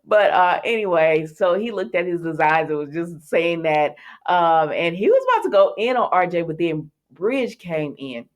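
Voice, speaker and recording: Woman host, lowish voice, chatty soap recap, acts out the lines. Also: normal speed. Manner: chatty, animated retelling with laughs and acted quotes. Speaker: soap opera recap vlogger. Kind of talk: casual recap chat.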